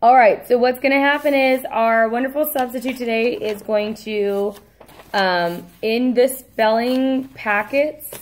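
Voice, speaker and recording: A woman teacher dictating a spelling test. She says each word slowly and repeats it, adds brief asides, and apologizes when she corrects herself. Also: on the high side.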